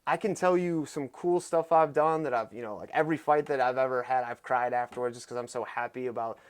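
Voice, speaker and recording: A young adult man, a fitness coach, telling stories in casual podcast talk, getting animated and loud as he gets excited. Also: mid-range voice, fairly quick, smooth. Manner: animated, voice rises sharply when excited. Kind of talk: casual storytelling.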